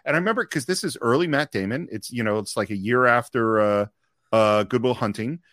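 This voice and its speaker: A man's voice: mid-range voice, brisk, fairly bright tone, no room sound. Man co-hosting a film chat, dry sound. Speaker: podcast co-host. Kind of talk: casual live film chat.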